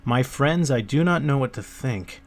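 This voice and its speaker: A man reading an audiobook, voicing a guarded young male prince who speaks in a measured, careful way. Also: mid-range voice, animated, lightly acted.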